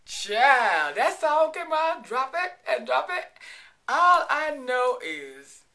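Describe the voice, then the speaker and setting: A woman's voice: high-pitched, sing-song, slow pace, pushed and bright. A woman in her thirties with a Virgin Islands accent, chatting playfully to camera and laughing often. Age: 30s. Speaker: vlogger. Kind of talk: casual chat to camera.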